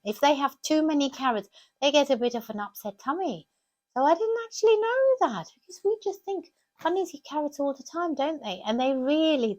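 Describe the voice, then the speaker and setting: A woman in her thirties presenting a children's crafts lesson, talking in a sing-song teacher's voice full of questions to the kids. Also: sits high.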